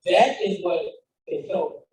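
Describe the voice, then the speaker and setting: A man's voice: sits high, animated, takes it slowly, recorded from a distance, a crowd in the background. A man giving a fired-up motivational talk as a founder, telling a story with quoted dialogue. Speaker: founder and speaker. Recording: echoey hall, speaker off-mic.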